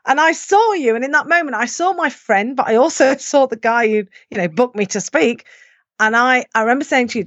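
A woman with a fairly high voice tells a personal story with lively, self-deprecating energy. She slips into the voices of her own panicked thoughts. She is close-miked in a dry room with no echo. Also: brisk, highs cut off. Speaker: podcast guest. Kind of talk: storytelling in conversation.

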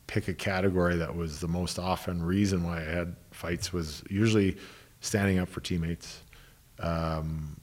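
A man in middle age talks in a notably deep, low register. He answers interview questions casually and rambles a little, often saying "you know" and starting his sentences over. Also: steady tone, moderate pace. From Canada, Ottawa. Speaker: former pro hockey player and coach, guest.

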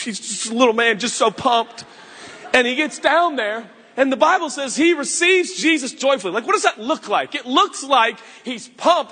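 A male pastor preaching an animated, joking sermon in a large hall. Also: very high-pitched, husky. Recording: echoey hall reverb.

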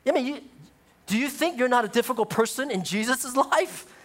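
A male pastor preaching a sermon, moving from loud, high exclamations to low, hushed passages. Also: brisk.

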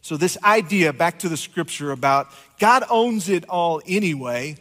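Higher-voiced pastor preaching in a hall. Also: male voice, animated, normal speed, a bit bright. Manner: conversational, jokes with the congregation. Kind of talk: sermon. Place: church sanctuary.

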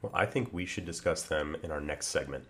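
A man's voice: a bass voice, brisk. A man co-hosting an improvised comedy podcast, talking earnestly with lots of fillers and restarts. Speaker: podcast co-host.

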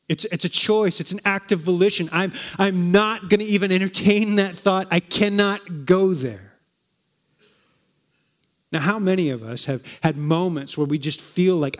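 Male preacher with a slightly high voice, chatty sermon delivery full of rhetorical questions. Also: normal speed. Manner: conversational, with rhetorical questions and repetitions.

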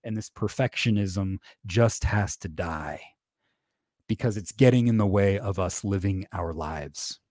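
Candid, low-voiced man hosting a podcast. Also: a little slow, a little mellow, no room sound, clean studio sound. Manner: candid, self-deprecating, chuckles often; conversational, with many fillers and restarts. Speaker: podcast host. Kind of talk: casual podcast monologue on faith.

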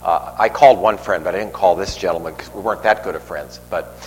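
An older man with a low voice delivers a sermon, talking fast over soft background music. His homily wanders through a personal story, full of restarts and fillers. The recording has long reverb and faint noise.

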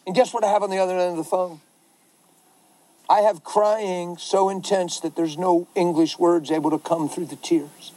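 A man who is a pastor, telling a story in an animated way, laughing often and acting out the voices of others. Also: high voice, moderate pace, poor audio. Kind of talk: storytelling talk.

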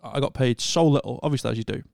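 A man tells a long story in casual podcast chat, circling back and restarting his sentences as he goes. His voice sits at an ordinary middle pitch. The sound is close and completely dry, with no room echo. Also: fast, gravelly, darkish tone. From Northern England. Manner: rambling storyteller with many restarts. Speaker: podcast co-host.

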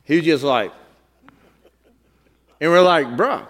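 A man preaching in a church, chatting casually with fillers, whose pitch jumps high and loud when he tells a funny story. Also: normal speed. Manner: conversational, with filler words and restarts. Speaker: pastor. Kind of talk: sermon with an animated, joking story.

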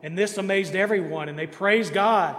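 A man's voice: sits high, normal speed, fairly bright tone. A man pastor preaching a sermon to his church, emphatic, driving home repeated refrains. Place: church sanctuary. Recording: reverberant church hall.

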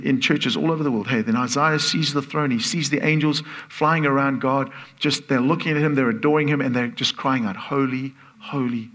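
Husky-voiced man preaching a sermon. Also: a little high. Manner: earnest, builds from soft to excited exclamations, laughs between phrases. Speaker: guest preacher.

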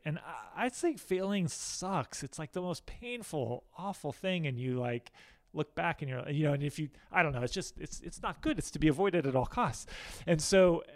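A man's voice: a little high, dry recording. A man with an American accent speaking as an interview guest in a candid, rambling, self-deprecating way. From United States. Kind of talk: casual interview talk.

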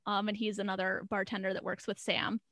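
A woman's voice: medium pitch, fairly quick, no room sound, studio quality. A young woman co-hosting a podcast, recapping a sitcom episode in casual chat and acting out the characters' lines with frequent laughs. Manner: animated storyteller, acts out quotes, laughs often.

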